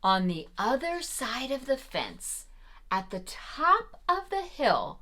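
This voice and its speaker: A woman hosting a preschool show, reading a picture book aloud in a gentle, sing-song and encouraging way. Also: high-pitched, huge pitch swings, slow pace, a little hiss or hum. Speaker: preschool storyteller host.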